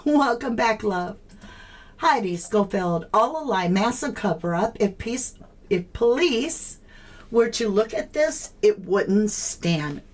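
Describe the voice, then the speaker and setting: A woman hosting a true crime livestream, puzzling aloud in casual chat and greeting viewers by name. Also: a little high.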